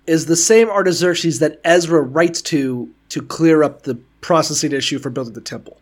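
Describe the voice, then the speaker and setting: A man's voice: a little high, normal speed. A man co-hosting a casual, profane chat, joking and stammering through restarts. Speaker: podcast co-host.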